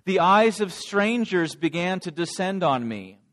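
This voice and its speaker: Man doing an ashamed grown disciple, first-person telling, slightly high voice. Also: very animated, measured pace, fairly bright tone, exaggerated voice. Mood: remorseful. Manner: dramatic first-person storytelling. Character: remorseful adult male disciple recounting denial. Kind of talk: first-person dramatic monologue.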